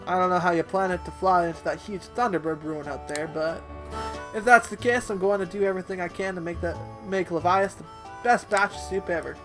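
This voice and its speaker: A man's voice: sits high, fairly quick, over music, close to an everyday voice. A man doing a hearty soup-cook voice. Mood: eager. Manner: put-on accent he admits is off. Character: hearty male pumpkin-soup cook, eager and friendly. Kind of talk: reading game dialogue aloud.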